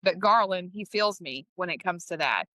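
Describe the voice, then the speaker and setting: A woman's voice: on the low side, lively intonation, moderate pace, sharp tone, dry recording, poor audio. A woman with an East Texas Southern accent hosting a podcast in a folksy, upbeat way, often restarting her sentences. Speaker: podcast host.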